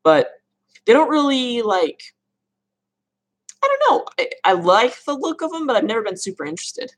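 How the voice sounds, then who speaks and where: A reptile keeper chats casually on a livestream, answering viewers' questions about reptiles and laughing at her own mispronunciations. Her voice is on the high side with wildly swooping pitch, and she talks at a moderate pace with frequent pauses.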